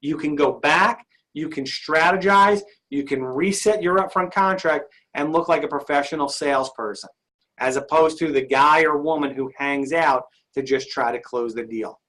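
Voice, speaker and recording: Lively male sales trainer. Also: a little high, normal speed. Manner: upbeat, asks the audience frequent questions. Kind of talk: interactive sales training session.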